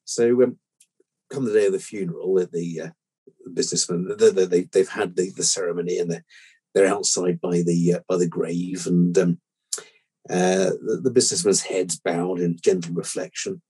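A man's voice: sits low, fairly even intonation, normal speed, warm tone, husky. A man co-hosting a vet podcast, telling a long rambling anecdote with many restarts. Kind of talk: casual storytelling.

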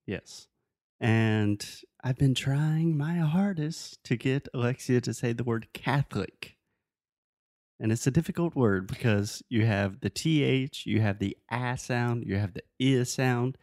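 A man's voice: mid-range voice, unhurried, darkish tone, dry recording, studio quality. A man co-hosting a casual chat, patiently and playfully coaching his partner's English pronunciation. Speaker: co-host teaching English. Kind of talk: casual language-lesson chat.

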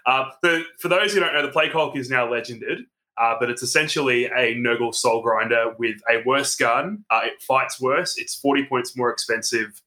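A man's voice: mid-range voice, moderate pace, pushed and bright. An Australian man speaking as a guest on a casual podcast, hesitant and often restarting his sentences.

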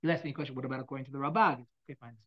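Man, Torah class teacher, brisk delivery, repeats himself, muffled lo-fi recording. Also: mid-range voice, fairly even intonation. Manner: conversational, repeats phrases, many fillers and restarts.

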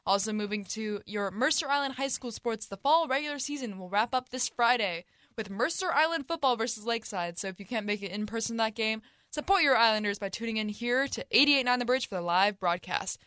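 A woman's voice: fairly high pitch, a little fast, fairly bright tone, smooth, dry recording, clean studio sound. A teenage girl reading the sports update on a student radio show, upbeat and scripted.

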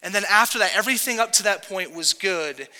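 Bright-voiced preacher man in a hall. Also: sits high, fairly quick. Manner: casual, joking preacher who acts out quotes. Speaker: pastor. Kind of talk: sermon. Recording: long hall reverb.

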